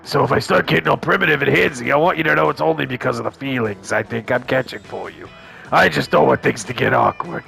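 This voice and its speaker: A man's voice: medium pitch, fast talker, creaky, hardly any pauses, bright, forceful tone, soft background music. A man voicing an earnest, awkward teenage werewolf boy who rambles eagerly and misses every hint.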